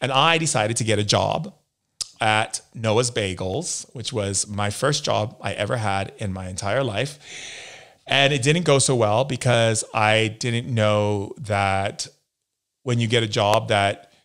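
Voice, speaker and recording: An American man, interviewed as a guest, earnestly tells personal stories and acts out what other people said. His voice sits on the low side, slow in pace and a little bright.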